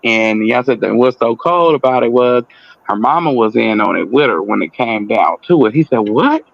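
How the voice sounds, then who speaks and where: A man telling a personal story in casual talk, animated, acting out the voices of the people in it. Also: mid-range voice, moderate pace, vocal fry, no room sound, muffled recording.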